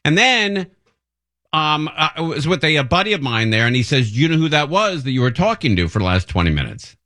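A man's voice: a little high, fairly quick. A man hosting a station show, chatting casually and telling rambling stories. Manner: relaxed rambling storyteller with restarts. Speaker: radio host. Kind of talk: casual chat.

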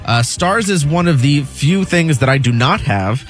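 A man's voice: a little high, lively intonation, moderate pace, faint music behind. A man giving an entertainment news segment on a radio show, casual and hesitant with lots of filler sounds.

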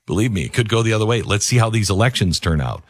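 A man's voice: on the low side, expressive, fast, no echo. A man delivering a political opinion monologue, emphatic and repetitive, with frequent fillers and restarts. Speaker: political commentator.

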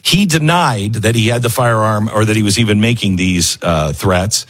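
A man with a fairly low, fairly bright voice and a breathy edge talks at a moderate pace. On his casual news commentary show, he's sarcastic and impersonates the people he quotes.

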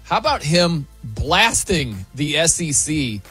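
A man hosting a sports radio show, lively and enthusiastic, tossing banter to his co-hosts. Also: fairly high pitch, takes it slowly, slightly rough, soft background music.

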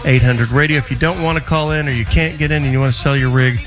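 A man's voice: medium pitch, fairly even intonation, quick pace. A man hosting a talk radio show, joking with guests and rattling off a call-in number in a sing-song way. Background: music.

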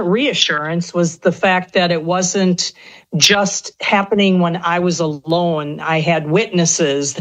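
A middle-aged woman, a guest on a casual radio show, tells chatty, rambling stories full of restarts and laughter. Her voice is deep with a fairly bright tone, and the recording is rough.

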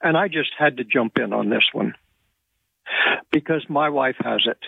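A man calling in to a radio show, speaking politely and haltingly. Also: medium pitch, vocal fry, breathy edge, no echo. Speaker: caller. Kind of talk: call-in on phone. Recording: tinny phone line.

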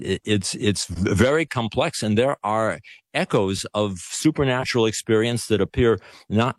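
A man with a fairly low voice speaks as a guest scholar on a call-in show. He talks in halting bursts, restarting and stammering through his phrases. The sound is close and dry. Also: no echo. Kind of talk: radio call-in discussion.

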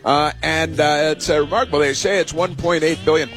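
A man from the United States hosting a call-in radio show, talking in a rambling and sarcastic way with many filler pauses. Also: on the high side, steady tone, a bit bright, soft background music. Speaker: radio talk show host.

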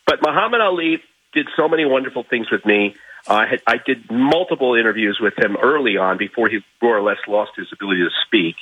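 A man from Miami, a guest in an interview, telling anecdotes in an animated way and restarting his phrases. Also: medium pitch, quick pace, breathy edge, no echo, narrow, tinny audio. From Miami, United States. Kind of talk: storytelling interview.

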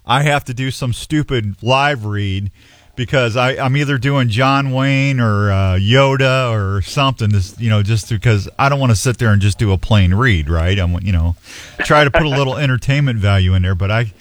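A man's voice: mid-range voice, normal speed, no room sound. A man hosting a talk radio show, chatting casually in a joking, self-deprecating, rambling way.

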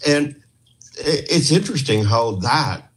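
A man's voice: mid-range voice, a little slow, breathy edge. A man from Canada, a guest on a talk show, telling a long rambling story and acting out quotes from the people in it. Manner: rambling, animated anecdotes with acted quotes. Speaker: podcast guest, former police trainer. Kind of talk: casual storytelling interview.

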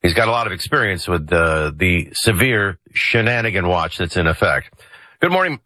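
A male talk radio host with a low, bright, forceful voice and a slightly husky edge. He gives political commentary in a jokey, conversational way and often restarts his sentences. The studio sound is close and dry. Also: expressive, moderate pace, no echo.

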